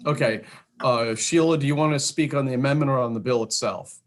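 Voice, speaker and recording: Brisk man chairing a committee vote. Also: medium pitch. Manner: brisk, procedural, dryly joking. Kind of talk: chairing a legislative session.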